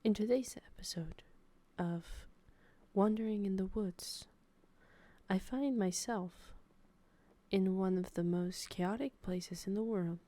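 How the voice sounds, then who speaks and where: Woman voicing a nature documentary narrator, whispered role-play, hushed, mock-serious, slow. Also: medium pitch, dry recording, close to an everyday voice. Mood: hushed solemn.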